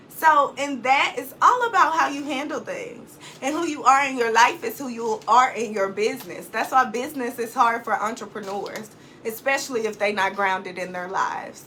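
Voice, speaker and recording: Woman, life coach, high voice, animated, repeats herself for emphasis, home office vlog, faint room hum. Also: normal speed. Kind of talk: motivational vlog talk.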